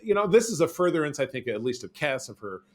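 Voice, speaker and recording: Man, podcast co-host, lively swinging pitch, loose chatty delivery with fillers and quick mimicry. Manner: animated, quick impressions of characters, many fillers. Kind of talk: casual chat.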